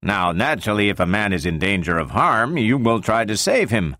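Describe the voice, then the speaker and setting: A man reading the part of a brisk male scientist who questions a robot in a probing, sometimes sharp way. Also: on the low side, animated, no room sound, studio quality.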